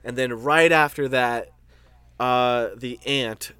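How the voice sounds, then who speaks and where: A man's voice: medium pitch, slow pace, pushed and bright, smooth. A man co-hosting a casual chat, joking and chiming in with quips while recapping a movie.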